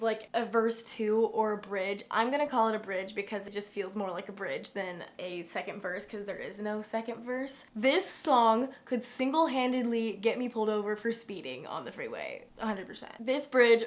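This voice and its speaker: A young woman in a casual, chatty vlog, talking in a bubbly way full of "like". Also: medium pitch. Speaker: music vlogger. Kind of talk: casual chat.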